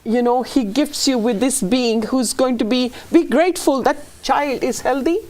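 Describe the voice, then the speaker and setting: In a conversational interview, a fertility practitioner appears as a guest: a middle-aged woman whose voice sits high with a darkish tone. Her pace is moderate, and her earnest, emotional answers are full of restarts.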